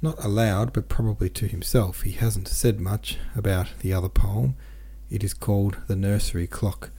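Male audiobook reader, low gravelly voice, dark tone, gentle and steady. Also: normal speed. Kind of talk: novel read aloud.

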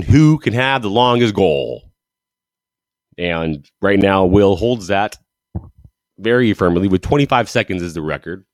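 A young man co-hosting a casual sports podcast, animated and laughing often, breaking into long shouted goal calls. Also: low voice, dry recording, clean studio sound. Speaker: podcast co-host. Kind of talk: casual chat.

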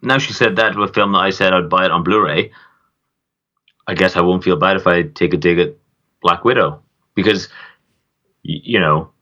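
A man with a very low, deep voice trades casual podcast banter, blunt and dry in his teasing. The recording sounds dull and lo-fi. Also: pushed and bright. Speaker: podcast co-host. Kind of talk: casual chat.

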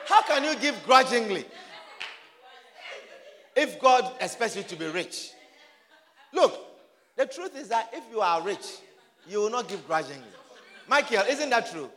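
A man preaching a sermon to his congregation, emphatic and often shouting, repeating his phrases for force. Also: high-pitched, very animated, unhurried, long pauses, long reverb tail.

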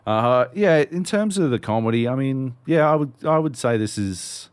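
A man's voice: medium pitch, animated, moderate pace, clean tone, no echo. A man co-hosting a podcast, talking in a loose, rambling way and swearing freely. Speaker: podcast co-host. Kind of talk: casual chat.

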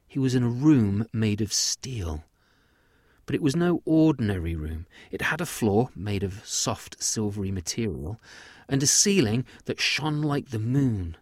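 A man telling his own children's sci-fi story in a lively, gentle way. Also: mid-range voice, no room sound, clean studio sound.

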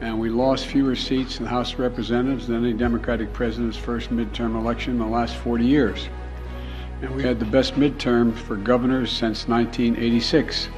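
A man giving a formal political address in a measured, halting way, pausing often. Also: medium pitch, flat delivery, music in the background. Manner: measured, halting with frequent uh pauses.

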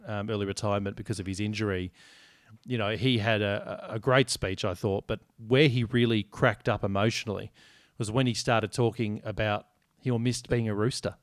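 A man's voice: on the low side, fairly even intonation, moderate pace, no echo, studio quality. A man co-hosting a podcast, chatty and joking, swearing freely. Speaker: podcast co-host. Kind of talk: casual sports chat.

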